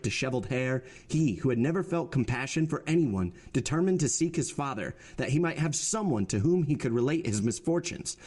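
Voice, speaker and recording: A man hosting a podcast, reading a classic novel aloud in a steady, expressive narration. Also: lowish voice. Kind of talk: audiobook-style narration.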